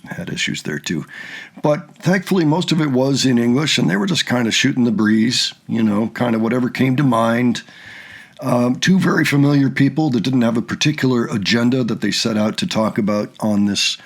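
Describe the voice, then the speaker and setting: A man's voice: medium pitch, moderate pace. A man hosting a reaction channel, musing casually and reflectively about a clip.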